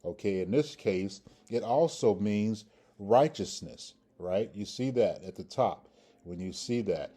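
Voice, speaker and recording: Low, mellow-voiced man teaching grammar. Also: expressive, unhurried, slightly rough. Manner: patient, repeats pronunciations several times with frequent "okay?" checks. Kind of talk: instructional video lesson.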